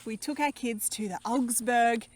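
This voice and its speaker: A woman's voice: a little high, unhurried. A woman with an Australian accent co-hosting a family vlog in a bubbly, teasing, laughing way. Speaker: co-host. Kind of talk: casual family vlog chat.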